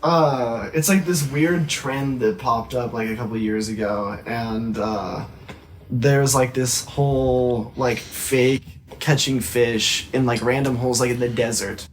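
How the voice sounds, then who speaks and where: A man's voice: mid-range voice, a little hiss or hum, rough recording. Laid-back male podcast guest. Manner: laid-back, halting with fillers. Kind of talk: casual chat.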